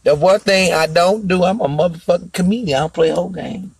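Brash, gravelly comedian ranting on a phone stream. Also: male voice, high voice, brisk, no echo, low-quality recording. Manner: brash, foul-mouthed, talks straight to viewers. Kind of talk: profane live-stream rant to viewers.

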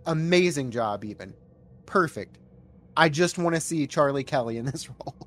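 A man co-hosting a casual beer-and-movie podcast, animated and quoting lines in put-on voices. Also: on the high side, normal speed, soft background music. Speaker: podcast co-host.

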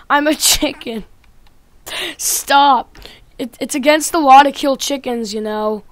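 A woman giving playful Minecraft gameplay commentary, trash-talking loudly one moment and muttering quietly the next. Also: high voice, fairly even intonation, a little slow, no room sound. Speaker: gaming YouTuber.

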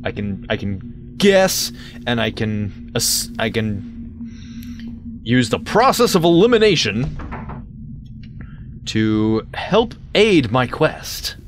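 A man's voice: medium pitch, very animated, slow pace, pauses often, faint music behind. A man hosting a let's play, rambling in casual gameplay commentary with self-mocking asides. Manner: rambling, self-mocking, lots of sudden yelps.

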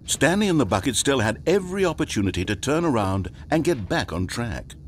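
An actor playing a wry, omniscient male game narrator, speaking in measured, mock-grave tones. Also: medium pitch, big pitch swings, a little hiss or hum, natural voice.

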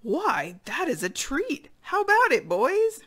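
A woman voicing a friendly, talkative male crocodile in a children's storybook reading, in a high, eager voice. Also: sing-song, unhurried. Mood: delighted.

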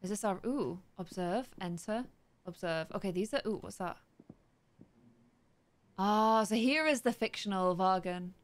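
Young woman host of a gaming channel, mid-range voice, curious think-aloud commentary. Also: mid-range voice. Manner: chatty, curious, thinks aloud and reads slowly word by word. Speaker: let's-play host. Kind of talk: gaming commentary, reading game text aloud.

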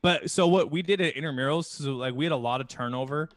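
A man's voice: a little high, fast, no room sound. Laid-back man on a dry mic. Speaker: podcast co-host. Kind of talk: casual comedy podcast chat.

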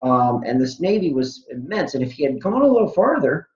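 A man's voice: a little high, sing-song, a little fast. Explanatory male history teacher, echoey room. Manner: explanatory, adds background detail. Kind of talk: co-taught history lesson. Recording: echoey room, dull lo-fi sound.

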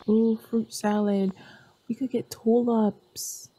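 A woman's voice: a little high, flat delivery, takes it slowly, dark tone, husky. A young woman giving casual, chatty commentary while playing a game, often scolding the characters on screen. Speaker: gameplay streamer.

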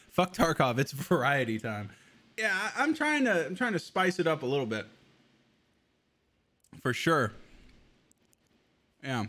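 A man's voice: a little high, wildly swooping pitch, slow, long pauses, sharp tone. A man streaming a video game, chatting casually, swearing freely and laughing often. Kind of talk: casual live-stream chat.

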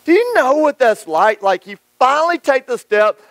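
A man preaching a sermon as pastor, moving between hushed, low passages and raised, excited ones, and acting out the voices of the people he quotes. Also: moderate pace, dry recording, low-quality recording. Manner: dynamic preaching with wide swings between hushed and raised delivery; acts out quoted voices of church folk and critics.

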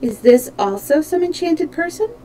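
A dainty, timid fairy girl with a soft, pleading voice, as a woman reads her aloud. Her voice is gentle and mellow, never sharp. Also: high-pitched, lively intonation, normal speed, slight background noise, pitched above the performer's own voice. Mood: shy pleading. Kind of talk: storybook read-aloud.

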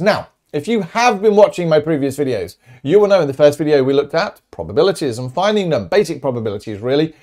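Middle-aged male maths teacher, upbeat and chatty, lively pitch, talks to students directly. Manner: chatty, upbeat and encouraging, talking straight to students. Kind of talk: recorded video lesson.

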